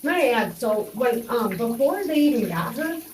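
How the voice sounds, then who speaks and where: A woman's voice: on the high side, sing-song, unhurried, distant mic, slight background noise. A young woman telling a personal story in a rambling way, with many fillers and restarts. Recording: echoey room, voice off-mic, faint running water.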